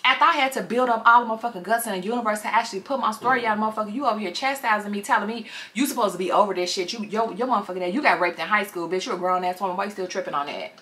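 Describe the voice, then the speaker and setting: A woman vlogger recapping a movie in casual, profane, animated slang. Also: medium pitch, very fast, hardly any pauses.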